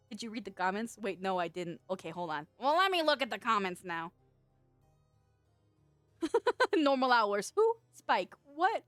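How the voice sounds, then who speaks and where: A woman's voice: mid-range voice, big pitch swings, unhurried, long pauses, a bit bright, dry recording. A young woman streaming, chatting casually with viewers, reading out their messages and laughing often in a playful, giggly way. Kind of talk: casual livestream chat, reading out chat. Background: faint background music.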